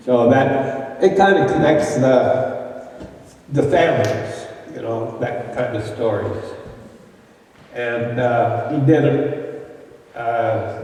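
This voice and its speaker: A man's voice: medium pitch, steady tone, slow pace, long pauses, dark tone. An older man from Arizona, telling ranch stories in a rambling, folksy way with many fillers. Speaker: former ranch boy telling local history. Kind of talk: casual storytelling. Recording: echoey roomy hall from far off.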